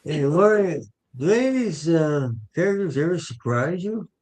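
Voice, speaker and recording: Mellow man co-hosting a talk radio show. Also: a little high, lively intonation, moderate pace. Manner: curious, asks questions. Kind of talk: casual radio chat.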